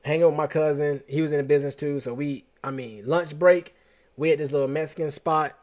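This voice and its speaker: A man host telling a personal story in a casual, slangy, animated way, often restarting his sentences. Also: on the high side, brisk.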